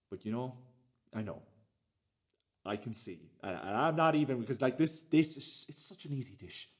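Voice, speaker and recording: A man's voice: mid-range voice, natural voice. A young man playing a cocky, rambling show-off. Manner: swearing, rambling, drops to near-whisper, laughs mid-sentence. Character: cocky young man boasting about a dinner date. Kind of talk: student radio play monologue.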